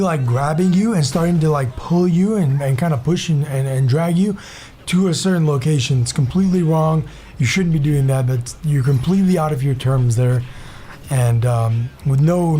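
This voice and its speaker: A man's voice: on the high side, mellow, a little hiss or hum. A young man hosting his own gaming channel, ranting in a heated, rambling way with lots of swearing, fillers and restarts. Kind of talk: casual vlog rant.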